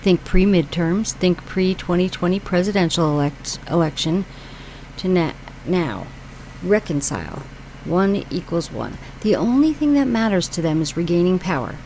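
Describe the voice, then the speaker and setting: A woman from New York with a lowish voice talks through posts for her own channel, reading them aloud and then musing on them. She rambles casually, with many fillers and restarts, while a faint hum of background noise sits under her voice. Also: expressive, moderate pace, darkish tone, rough recording. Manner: rambling, conversational, with frequent fillers and asides. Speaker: channel host.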